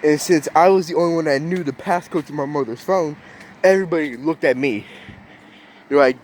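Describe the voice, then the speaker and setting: A young man vlogging, telling a childhood story in a casual, animated way and acting out what people said. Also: on the high side, fairly quick. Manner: animated, acts out quoted voices.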